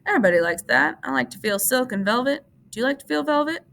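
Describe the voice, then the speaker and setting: A woman's voice: high-pitched, lively intonation, fast talker, a little hiss or hum, voice pushed up. Woman doing a vain young ranch wife. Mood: coaxing. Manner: chatty, coaxing, then sharp.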